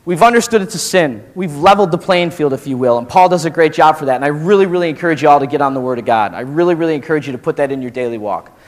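A man's voice: fairly high pitch, very fast, hardly any pauses. Slangy male pastor in a reverberant hall. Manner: slangy and animated, says "dude" and "man" often. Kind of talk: casual sermon to college students.

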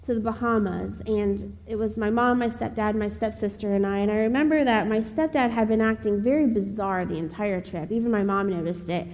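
A young woman from Ohio giving a personal testimony speech, telling her story in an earnest, measured way with pauses. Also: a little high, dark tone, muffled recording. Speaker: speaker. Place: chapel. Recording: long reverb of a large hall.

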